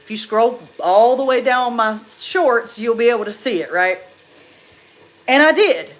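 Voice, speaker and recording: A chatty woman from North Carolina talks to her viewers on a livestream, her easy and relaxed. Her voice sits a little high, and she tells her stories in an animated way and laughs easily. She sounds like she is in her forties. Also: a little slow. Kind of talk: casual livestream chat.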